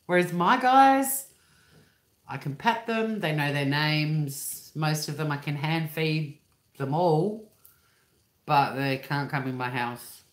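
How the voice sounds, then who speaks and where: A woman's voice: deep voice, slow pace. An Australian woman in her fifties, hosting a livestream from home in a rambling casual chat and swearing freely. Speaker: livestream host. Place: living room at home. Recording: roomy echo.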